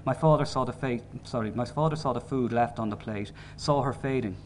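A man reading a novel aloud in measured, sombre narration. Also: medium pitch, a little hiss or hum. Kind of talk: audiobook narration.

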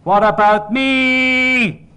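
A man's voice: steady tone, sharp tone, clear, resonant tone, full character voice. A man voicing a furious newborn baby boy howling for attention in a storybook reading. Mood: wailing. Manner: high drawn-out howl.

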